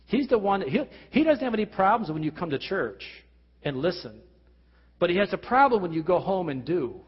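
A man's voice: high voice, sing-song, a little fast, breathy edge. A man preaching a sermon as pastor, earnest, with rhetorical questions and frequent restarts. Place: church hall. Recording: lo-fi recording with long hall reverb.

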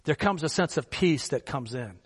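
A man's voice: fairly high pitch, animated, moderate pace, slightly rough. Man preaching in a reverberant sanctuary. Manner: conversational preaching with rhetorical questions. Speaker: pastor. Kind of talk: sermon.

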